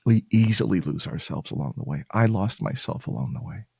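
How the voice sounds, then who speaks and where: A man's voice: low voice, very animated, a little fast, gravelly, warm tone, husky, dry recording, clean studio sound. A male podcast host talking earnestly and reassuringly to his listeners, at times getting emotional. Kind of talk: heartfelt personal talk to listeners.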